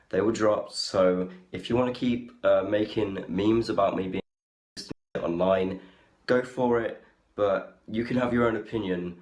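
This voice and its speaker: Low-voiced man rambling defensively. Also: darkish tone, reverberant. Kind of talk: casual talking-head video.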